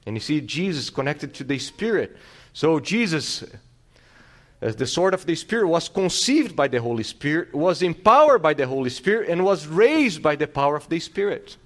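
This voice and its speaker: A man pastor preaching a sermon, teaching with rhetorical questions and restarting phrases, swinging his loudness and pace for emphasis. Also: on the high side, very animated, moderate pace.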